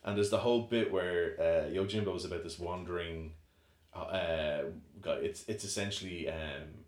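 A man's voice: deep voice, normal speed. A man co-hosting a podcast, chatting casually and rambling through film scenes with many restarts. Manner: rambling, restarts often, animated when retelling film scenes. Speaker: podcast co-host. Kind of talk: casual chat. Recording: echoey room.

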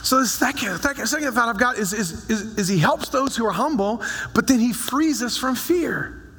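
A man's voice: very high voice, expressive, moderate pace, bright, forceful tone, slightly rough, long reverb tail. A man preaching a sermon as pastor of a church, talking to the congregation in a conversational way and repeating phrases for emphasis. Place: church sanctuary.

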